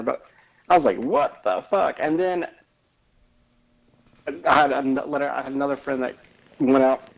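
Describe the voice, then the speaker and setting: Guy yapping with his buddy, swears a ton, says like every other word, medium pitch. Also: creaky, poor audio. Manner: rambling storytelling, heavy swearing, lots of "like". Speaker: gamer chatting with a friend. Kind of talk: casual chat over a game.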